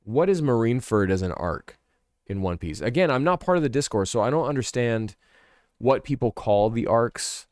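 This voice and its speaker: Ranking a series on stream, this man talks casually and thinks aloud, frequently fixing himself partway through sentences. His mid-range voice is darkish, with wide pitch movement at a moderate pace, recorded cleanly in a studio with no room sound.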